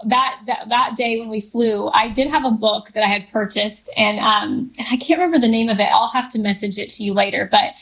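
A woman's voice: fairly high pitch, a little fast, few pauses, a bit bright, poor audio. A woman guest telling a personal story in a rambling, hesitant way with many fillers and restarts, openly emotional and candid.

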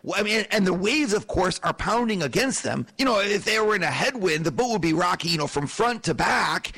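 A man with a notably high voice teaches from scripture in an animated, storytelling way. He paints the scene for his listeners and keeps asking them rhetorical questions. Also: fairly quick, gravelly, slightly rough. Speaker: preacher. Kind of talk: sermon-style Bible teaching.

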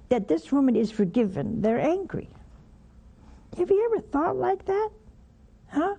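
A woman's voice: high voice, big pitch swings, a little slow, gravelly, pauses often, mellow. A woman giving a spoken sermon, blunt and teasing, with pointed asides to her listeners. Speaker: religious broadcaster teaching scripture.

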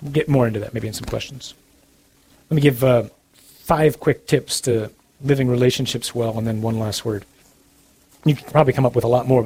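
A man's voice: medium pitch, darkish tone, breathy edge. A man giving an earnest, blunt Catholic talk to young adults, with dry humor. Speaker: Catholic speaker.

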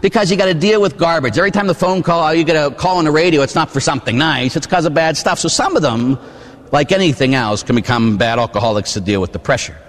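Male priest, forties, from Pittsburgh; animated sermon storyteller, fairly high pitch, long church reverb. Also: quick pace. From Pittsburgh, USA. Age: 40s. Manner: animated storytelling with rhetorical asides.

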